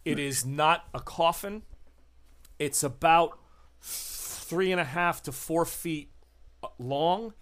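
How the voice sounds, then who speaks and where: A man running a tabletop horror game as game master, narrating scenes in an unhurried, descriptive way. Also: fairly high pitch, a bit bright. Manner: unhurried, descriptive, laughs with players.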